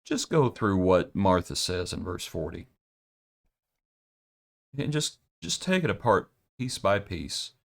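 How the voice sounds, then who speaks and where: Deep-voiced man giving halting Bible teaching. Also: sing-song, creaky. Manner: halting and reflective, often repeating words and restarting. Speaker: preacher. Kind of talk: daily devotional Bible teaching.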